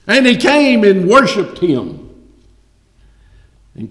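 A man preaching a sermon with passion, surging loud and high, then dropping low. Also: wildly swooping pitch, takes it slowly, pauses often. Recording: echoey hall reverb.

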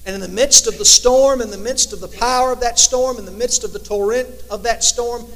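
A man preaching a sermon, rising to loud emphatic lines and dropping to hushed, slow ones. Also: very high voice, big-room sound.

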